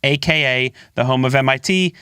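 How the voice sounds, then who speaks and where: A man's voice: medium pitch, moderate pace, pushed and bright, clear, resonant tone, no room sound. Dry-mic man telling a story. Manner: storytelling, swears and jokes. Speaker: podcast co-host. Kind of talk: casual podcast chat.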